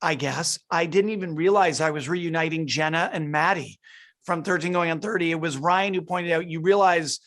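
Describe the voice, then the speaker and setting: A man's voice: fairly high pitch, moderate pace, fairly bright tone. A middle-aged man, a film director, answering interview questions eagerly and often restarting his sentences. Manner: eager, restarts and repeats words as he thinks. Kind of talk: interview over a video call.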